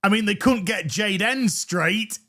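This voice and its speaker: A man's voice: high-pitched, unhurried, heavy background noise. A man hosting a TV review show, ranting sarcastically with crude jokes and stammered restarts. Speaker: host reviewing a TV episode.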